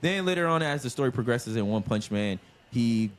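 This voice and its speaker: A man's voice: mid-range voice, animated, a little fast, a little hiss or hum. A man co-hosting a casual podcast debate, laid-back and explaining at length with plenty of fillers. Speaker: podcast co-host.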